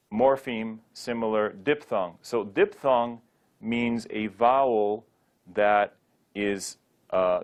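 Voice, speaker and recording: A man with a lowish voice leads a pronunciation lesson at an unhurried, deliberate pace. He says each word carefully and repeats it so listeners can copy him, and drops in a light joke now and then. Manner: drills words slowly, repeating each one for the listener to copy; light asides and jokes between drills. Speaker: Sanskrit teacher. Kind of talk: slow spoken pronunciation lesson.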